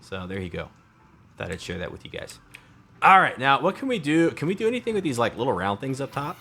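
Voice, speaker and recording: Animated man musing over a building game. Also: medium pitch, brisk. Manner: thinking aloud, musing, chatty storytelling. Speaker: let's play host. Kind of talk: casual gameplay commentary.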